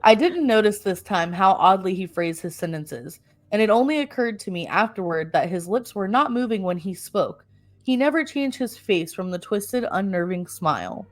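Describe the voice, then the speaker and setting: A woman's voice: mid-range voice, animated, moderate pace. A woman co-hosting a podcast, reading a first-person story aloud with laughing asides and self-corrections.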